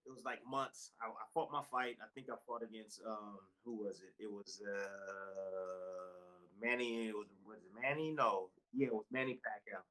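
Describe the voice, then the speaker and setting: A man's voice: lowish voice, normal speed, rough recording. A man in his forties, a former fighter turned boxing analyst, telling stories in a casual interview and acting out the dialogue. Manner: animated, acts out quoted dialogue.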